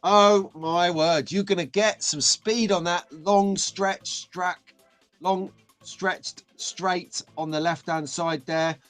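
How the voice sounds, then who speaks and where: A chatty, excitable British man in middle age hosts a casual live stream, greeting viewers one by one. His voice sits fairly high for a man. Faint music plays underneath. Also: slow pace.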